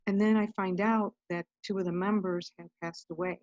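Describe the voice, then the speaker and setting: A woman's voice: medium pitch, fairly even intonation, normal speed, a little mellow, no echo, lo-fi sound. A woman guest telling a personal story in a casual, chatty way, often saying "I'm like". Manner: chatty, recounts events with lots of "I'm like". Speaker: podcast guest.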